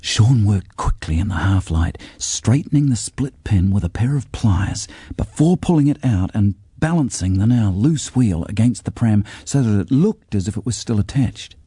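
A man narrating a children's storybook with an expressive, varied delivery. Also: lowish voice, normal speed, hardly any pauses, slightly rough, no echo, studio quality. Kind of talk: storybook reading.

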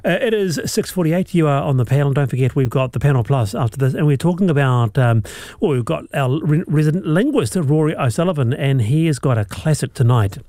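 A chatty New man hosts a live talk radio show, his voice sitting a touch higher than most men's. The studio sound is close and dry, with no room around him. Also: animated, fairly quick, hardly any pauses, mellow, dry recording. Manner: chatty, laughs often. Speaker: radio host.

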